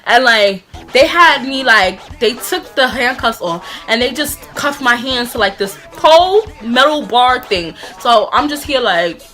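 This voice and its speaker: Young woman vlogger, high and bright, chatty and animated storytime telling, faint music bed. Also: measured pace, hardly any pauses. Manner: animated, rambling retelling full of fillers and laughs. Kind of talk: casual storytime vlog.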